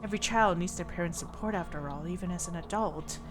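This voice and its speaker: A woman voicing a kindly, worried elderly grandmother with a put-on accent, speaking slowly and tenderly. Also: lowish voice, over music, close to an everyday voice. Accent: put-on foreign accent. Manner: slow, soft-spoken and tender.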